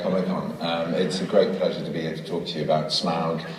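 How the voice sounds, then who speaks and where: A man's voice: extremely low pitch, little pitch movement, fast, few pauses, recorded from a distance, heavy background noise. A man, an actor, giving a playful video message, joking and correcting himself as he goes. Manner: jokey, self-correcting, laughs often. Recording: video played in a loud echoey hall, filmed from afar on a phone.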